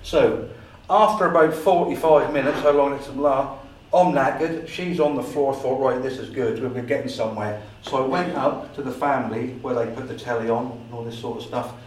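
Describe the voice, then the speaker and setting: Animated man telling a story in an echoey room. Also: mid-range voice, moderate pace, few pauses, distant mic, a little hiss or hum. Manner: animated storyteller acting out his own dialogue. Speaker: paranormal investigator giving a talk. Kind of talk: storytelling talk to a society meeting. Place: meeting room.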